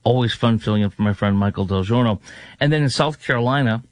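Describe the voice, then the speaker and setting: A man's voice: medium pitch, fast, no room sound. A man hosting a political talk radio show, sarcastic and mocking, firing off rhetorical questions.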